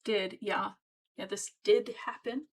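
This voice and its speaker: A woman reads tarot cards for her viewers in a casual, chatty way. Her voice sits at a middle pitch. She leans hard on her points and keeps urging listeners not to give up. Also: steady tone, slow, low-quality recording. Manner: chatty, encouraging, emphatic. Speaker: tarot reader. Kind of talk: casual tarot reading to camera.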